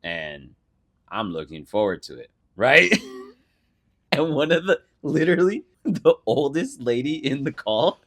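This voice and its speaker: A young man chats on a podcast, middle-pitched and lively, slipping into mock voices as he retells what people said. He swears freely and keeps the stories rolling in a loose, casual way. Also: unhurried. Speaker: podcast co-host. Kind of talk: casual chat.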